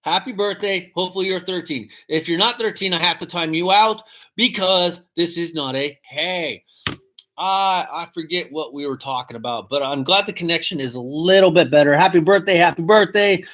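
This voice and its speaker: A man's voice: on the high side, normal speed, sharp tone. A man hosting a live podcast stream, rambling casually, swearing and reading out chat comments. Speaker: podcast host.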